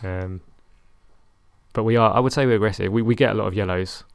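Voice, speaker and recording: Low gravelly man, rambling chat. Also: a little fast. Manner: rambling, self-correcting, wry. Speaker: streamer discussing a football management game. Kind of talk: casual chat.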